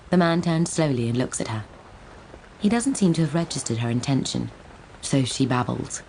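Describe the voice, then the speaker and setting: Very low-voiced woman narrating. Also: lively intonation, normal speed, gravelly, darkish tone, a little hiss or hum. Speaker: audiobook narrator. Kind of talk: scripted narration. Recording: music soundtrack behind voice.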